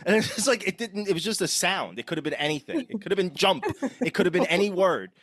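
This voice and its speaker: A man's voice: high-pitched, lively intonation, fast, a bit bright. A man, a podcast co-host, chatting casually and telling a story with laughs. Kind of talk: casual chat.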